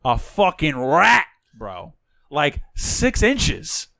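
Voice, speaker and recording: A man's voice: a little high, drawn-out words, creaky, dry recording. Casual podcast host, New man, swears freely, dry mic. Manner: animated, profane storyteller. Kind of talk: casual storytelling chat.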